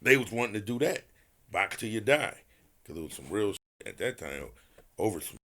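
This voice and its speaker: Gravelly, animated retired boxer telling stories. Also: male voice, lowish voice, normal speed. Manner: animated, profane, acts out quotes. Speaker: retired boxer, podcast guest. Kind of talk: storytelling in a podcast interview.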